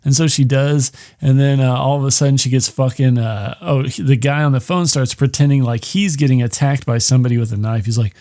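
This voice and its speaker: Male podcast host, profane and jokey, dry close mic, middle-pitched voice. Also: steady tone, fairly quick, few pauses, mellow, no room sound. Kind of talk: casual movie review monologue.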